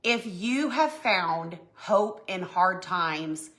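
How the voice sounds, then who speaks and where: Her lowish voice is expressive and a bit bright, with drawn-out words. Running a live stream for her home goods brand, she chats casually while signing, gushing with emotion as she thanks viewers and reads out their comments.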